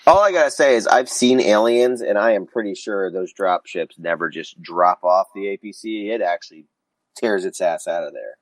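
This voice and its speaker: A deep-voiced man with a cold hosts a casual podcast, reading rules questions aloud and tossing in sarcastic asides. The sound is dry and close, with no room around it. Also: normal speed, no echo, low-quality recording. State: has a cold. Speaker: podcast host.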